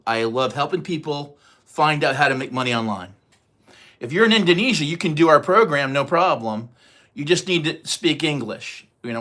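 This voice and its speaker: Bright-voiced American man in his sixties. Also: on the high side. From United States. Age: 60s. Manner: rambling, repeats himself, gets heated and emphatic. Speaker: livestream host. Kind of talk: casual livestream talk to chat.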